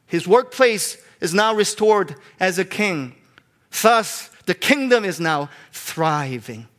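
A man preaching a sermon as pastor, swinging from loud, rising exhortation to hushed, quiet storytelling. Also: high-pitched, animated, takes it slowly.

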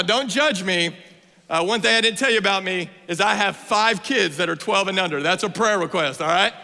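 A man, preaching a playful, energetic sermon that rises to shouts. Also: sits high. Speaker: guest preacher. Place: church sanctuary. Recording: long hall reverb.

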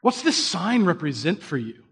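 This sermon comes from a man whose high-pitched voice has a breathy edge and moves at a moderate pace. He speaks casually, tells stories at his own expense, and asks listeners questions head-on.

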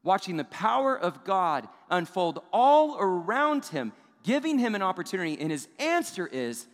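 A man's voice: high-pitched, very animated, moderate pace, fairly bright tone. Conversational male preacher in an echoing hall. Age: adult parent of young children. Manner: conversational preaching with rhetorical "right?" asides. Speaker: pastor. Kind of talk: sermon.

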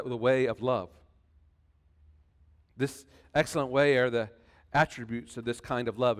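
High-voiced preacher in a reverberant hall. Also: male voice, clear, resonant tone. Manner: swings from loud emphatic preaching to quiet asides. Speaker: pastor. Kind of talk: sermon.

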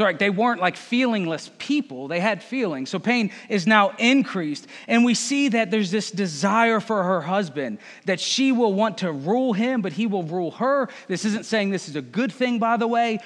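A man's voice: high-pitched, a bit bright. A man preaching a sermon in a conversational way, with joking asides. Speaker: pastor. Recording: long hall reverb.

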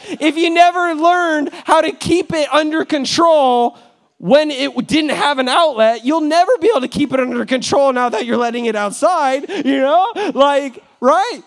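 A man's voice: very high voice, normal speed. A young man preaching a sermon as pastor, in a casual, joking manner full of fillers.

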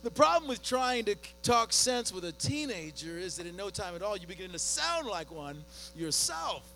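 A middle-aged man preaching a sermon, telling a story with big swings between quiet and loud. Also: high voice, very animated, normal speed, a little hiss or hum. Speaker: pastor.

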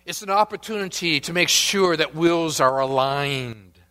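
A man preaching a sermon, asking the congregation questions and dropping to a hushed voice at times. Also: a little high, a little slow. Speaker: pastor.

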